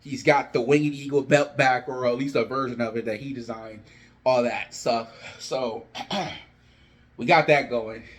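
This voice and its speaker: A young man casually telling an imagined wrestling storyline, animated and jumping into characters' lines as he goes. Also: medium pitch, measured pace. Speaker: wrestling fan video host. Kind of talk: casual fantasy-booking storytelling.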